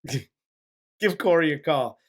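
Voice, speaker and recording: A man hosting a movie review podcast, chatting casually with crude jokes and an animated delivery. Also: fairly high pitch, moderate pace. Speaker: podcast host.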